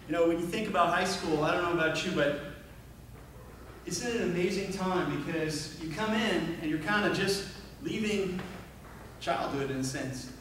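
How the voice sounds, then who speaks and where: Man, high voice, memorial reunion speech, anecdotes acted out, heavy echo, distant mic. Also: moderate pace, fairly bright tone, slight background noise. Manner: storytelling, acts out voices, self-mocking humor. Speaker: memorial speaker at a school reunion. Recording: very echoey hall, voice from afar.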